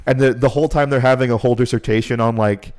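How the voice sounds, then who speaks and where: A man's voice: mid-range voice, fairly even intonation, fast talker, a little mellow. A man co-hosting a podcast, rambling through a profane recap of a game and laughing often. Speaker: podcast co-host. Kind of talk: casual chat recapping a game.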